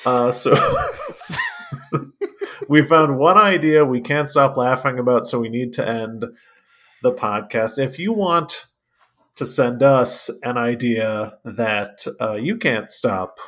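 A man's voice: medium pitch, slow pace, a bit bright. A man co-hosting a casual comedy podcast, playful and giggly, riffing on silly wordplay. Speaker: podcast co-host.

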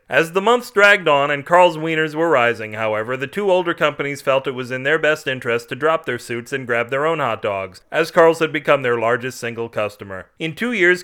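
A man narrating a comic short story in a wry, playful, deadpan way. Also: fairly high pitch, clear, resonant tone. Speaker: podcast host and story reader.

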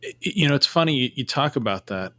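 A man's voice: mid-range voice, expressive, fast, sharp tone, no echo, clean studio sound. A man from California hosting a podcast interview, easygoing and teasing, rambling with fillers. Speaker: podcast host. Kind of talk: casual interview chat.

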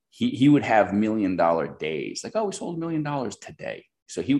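A middle-aged man, a guest telling a business story in a casual interview, rambling with fillers and acting out the people he quotes. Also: extremely low pitch. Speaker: guest, software business founder.

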